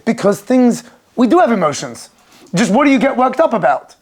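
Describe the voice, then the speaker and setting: A man's voice: very high voice, sing-song, a little fast. A rabbi giving an informal Torah class to students. He speaks with animation, acts out quoted voices and keeps asking rhetorical questions.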